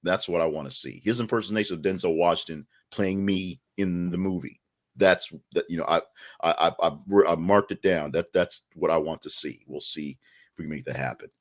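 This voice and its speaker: A low-voiced man hosting a casual news podcast. He talks in a chatty, wry way and drifts into offhand asides. He often restarts his sentences midway. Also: normal speed. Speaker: podcast host.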